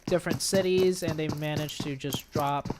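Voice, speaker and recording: A man casting a mobile shooter tournament play-by-play, excitable, with bursts on big plays, tired from an early start. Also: a little high, normal speed, background noise. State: tired, yawning. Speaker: esports caster. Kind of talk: play-by-play commentary.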